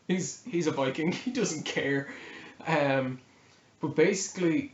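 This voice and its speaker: Young guy telling a dnd story, kinda high voice, echoey room, dull sound. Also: slow pace, pauses often. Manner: relaxed, laughing, self-correcting. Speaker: player telling a game story. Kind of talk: casual storytelling.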